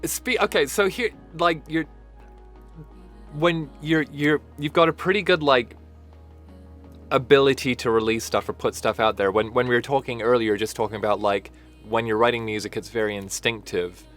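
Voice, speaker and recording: A man's voice: mid-range voice, fairly even intonation, normal speed, fairly bright tone, faint music behind. A man interviewing a guest, asking long, searching questions with lots of restarts.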